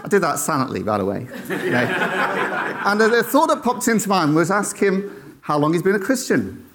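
A man tells a faith story to an audience, animated and acting out the voices of the people in it. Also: sits high, moderate pace, a little hiss or hum. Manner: animated, acts out quoted voices, checks in with "right?".

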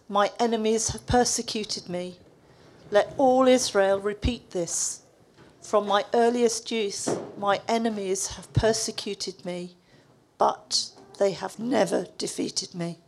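A woman from the congregation reading a psalm aloud, slow and measured. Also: medium pitch, darkish tone. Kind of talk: Bible reading.

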